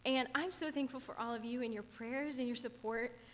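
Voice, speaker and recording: A woman's voice: a little high, fairly even intonation, a little fast. Young woman giving a church testimony, echoey. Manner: earnest, chatty, gets teary. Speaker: camp counselor giving testimony. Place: church sanctuary. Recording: church hall reverb.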